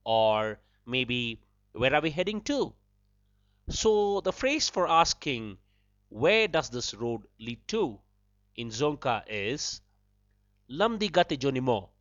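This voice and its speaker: A man hosting a podcast language lesson, patiently repeating phrases slowly and breaking them into single words. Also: medium pitch, very animated, fairly bright tone, dry recording. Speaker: podcast host teaching a language. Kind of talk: slow spoken language lesson. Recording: dull lo-fi dry recording.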